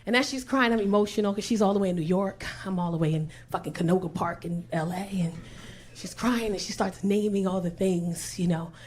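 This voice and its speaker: A woman in her forties doing a stand-up set, telling stories in a brash, profane, animated way into a handheld stage mic. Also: medium pitch, a little fast. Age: 40s. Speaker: stand-up comedian.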